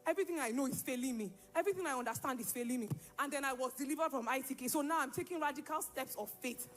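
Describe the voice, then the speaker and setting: A young woman gives a spoken church testimony, telling her story in a lively way and acting out the lines of the people in it. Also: sits high, rapid-fire. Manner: lively storytelling, acts out quoted dialogue. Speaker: church member giving testimony.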